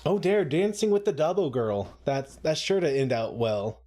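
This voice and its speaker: A man's voice: a little high, big pitch swings, normal speed, warm tone. A man co-hosting a live watch-along, chatting casually, laughing often and making playful asides. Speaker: co-host of a show watch-along.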